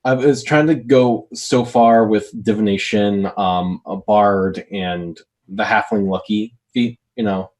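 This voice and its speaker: Guest: man with a lowish voice, relaxed storyteller, talks fast in bursts. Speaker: interview guest. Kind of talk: casual interview chat.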